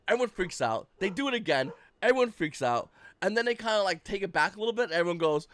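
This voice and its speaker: A man's voice: high-pitched, sing-song, quick pace, a bit bright, no echo. Blunt, profane man ranting. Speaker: YouTube card-game commentator. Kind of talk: casual ranting commentary.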